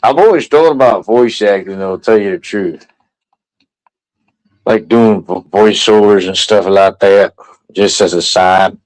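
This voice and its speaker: A man's voice: on the low side, measured pace, poor audio. A man hosting a livestream, chatting casually and rambling with restarts. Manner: rambling, repeats himself, relaxed. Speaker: livestream host. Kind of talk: casual stream chat.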